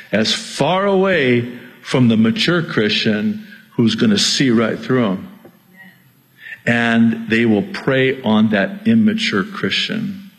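A man preaching a sermon to his congregation, emphatic and rising to near-yelling before calming down with self-aware humor. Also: lowish voice, poor audio. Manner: addresses congregation as "you guys". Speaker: pastor.

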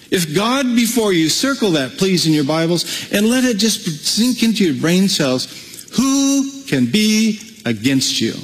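A man preaching a sermon as pastor, animated, breaking into playful acted-out asides. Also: a little high, big-room sound, low-quality recording.

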